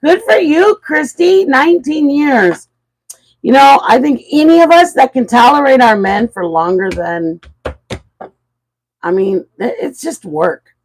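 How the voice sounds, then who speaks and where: Chatty woman live-streaming, fairly high voice. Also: measured pace, pauses often, low-quality recording. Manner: chatty, animated, frank. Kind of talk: casual chat to viewers.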